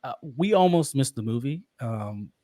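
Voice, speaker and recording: A man in his thirties telling a personal story in casual conversation, animated and laughing often. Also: mid-range voice, normal speed, dry recording, clean studio sound. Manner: animated, laughs often, acts out quoted voices. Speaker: podcast guest.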